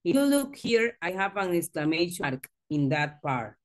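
Lively woman teaching English. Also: fairly low pitch. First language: Spanish. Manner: slow, patient explaining with lively emphasis. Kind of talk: online grammar lesson. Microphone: video call.

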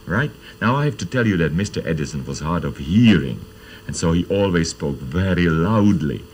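A man's voice: low voice, lively intonation, normal speed, slight background noise. An older man hosts a children's TV show. He tells a story to kids in a playful way and explains each step as he goes. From Czechoslovakia. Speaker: children's TV host. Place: TV studio.

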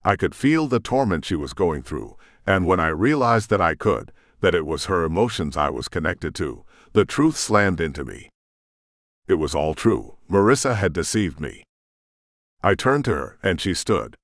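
Deep-voiced male audiobook narrator. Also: very animated, normal speed, no echo, clean studio sound. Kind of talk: first-person audiobook narration.

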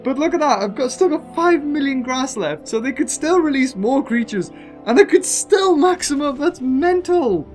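A British man giving excitable gameplay commentary as a gaming video host, gushing and laughing between lines. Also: very high voice, normal speed, soft background music.

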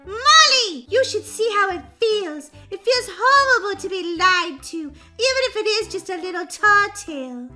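A woman's voice: very high-pitched, expressive, moderate pace, hardly any pauses, pushed and bright, faint music behind, exaggerated voice. Daisy, a woman doing a scolding young girl. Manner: lecturing, scolding. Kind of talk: animated roleplay voice acting.

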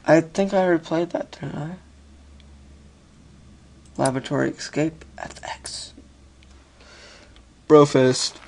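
Gravelly young gamer. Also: male voice, fairly high pitch, slow pace, pauses often. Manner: chatty, talks to the game and himself. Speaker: gaming youtuber. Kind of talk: let's play commentary.

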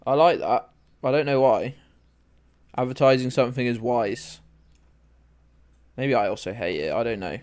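A man's voice: medium pitch, normal speed, long pauses, darkish tone. A man streaming a geography game, chatting in a rambling way with his viewers and swearing freely. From United Kingdom. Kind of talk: casual game streaming chat. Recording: faint music underneath.

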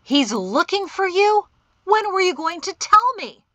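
An intense, protective young farmer husband, as a woman narrator plays him in an audiobook. He speaks urgently, pleading with raw feeling, in a bright, close voice. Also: on the low side, moderate pace, dry recording. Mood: angry.

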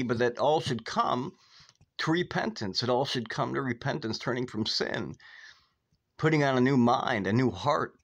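A man from the United States hosting his own video, talking urgently and over and over saying "guys" and "okay", getting loud and high when worked up. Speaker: video host. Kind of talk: preachy casual vlog talk. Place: outdoors in northwest Ohio.

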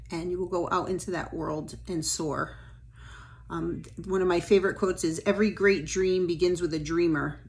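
A mother speaks in a slightly low voice. She is tender and reflective, delivering a heartfelt recorded message in a clear, plain take.

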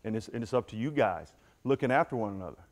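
A man's voice: lowish voice, animated, fast. A middle-aged man giving a candid personal recovery talk to a football team, telling his story and addressing the room directly. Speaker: motivational speaker.

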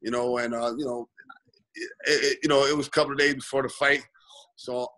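A man's voice: mid-range voice, fairly even intonation, brisk, pushed and bright, poor audio. A man being interviewed as a boxing guest over a video call, telling a long story with lots of fillers. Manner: rambling, many "you know" fillers. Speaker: guest boxer.

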